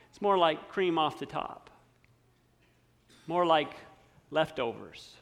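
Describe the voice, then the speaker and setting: A man preaching a sermon, slow and emphatic, dropping to near-quiet on key words. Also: on the high side. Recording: long hall reverb.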